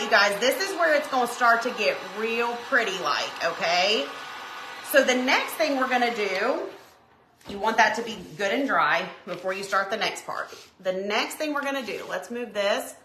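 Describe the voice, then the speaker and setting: A middle-aged woman from Tennessee with a Southern accent, chatting warmly with viewers by name while hosting a live craft demo. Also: mid-range voice. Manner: chatty, greets viewers by name, says y'all. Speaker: craft livestream host. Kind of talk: casual livestream chat and craft demo. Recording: echoey room, faint background hum.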